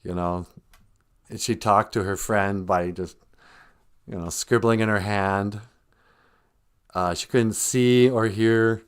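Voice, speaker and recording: A man hosting a live comedy podcast, rambling through mock-earnest, deadpan satire. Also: fairly low pitch, slow pace, long pauses, clear, resonant tone. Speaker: podcast host.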